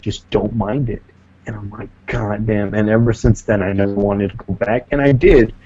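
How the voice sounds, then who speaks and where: A man tells a spooky personal story on a casual podcast in a lowish, mellow voice. He is animated and swears freely as he acts out the voices of the people in it. The audio is muffled and lo-fi. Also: moderate pace, husky. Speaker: podcast co-host.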